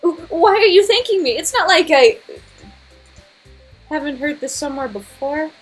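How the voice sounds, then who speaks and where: A woman's voice: expressive, moderate pace, faint music behind. A woman voicing a bratty, snappy teenage schoolgirl in a game reading. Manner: high, snappy, tsundere huffing. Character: bratty loud teenage schoolgirl who bakes.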